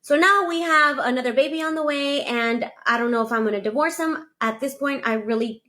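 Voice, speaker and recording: Animated woman telling a confession. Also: high voice, brisk. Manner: animated, quotes herself and others. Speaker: storyteller sharing a confession. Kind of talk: casual storytelling.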